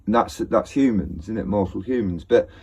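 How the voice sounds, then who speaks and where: Man, husky, casual rambling vlog talk, hesitant with fillers. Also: on the low side, expressive, moderate pace, warm tone. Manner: hesitant, many fillers and restarts, laughs often. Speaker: video blogger.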